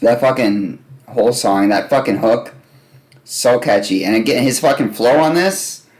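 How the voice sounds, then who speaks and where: Slow-talking, excited, swearing male host. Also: medium pitch. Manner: excited, profane. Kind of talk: casual music discussion.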